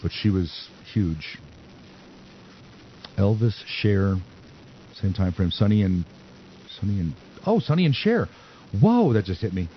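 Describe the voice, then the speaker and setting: A man's voice: lowish voice, sing-song, a little slow, pauses often. A man hosting a podcast in casual chat, joking and rambling. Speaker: podcast host. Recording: dull lo-fi sound with faint noise.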